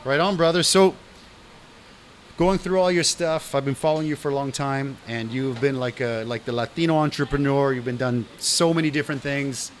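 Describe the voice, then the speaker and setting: A man's voice: medium pitch, fairly even intonation, moderate pace, a little hiss or hum. A middle-aged man hosting a casual interview chat, upbeat and friendly, calling his guest brother and man. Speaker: host.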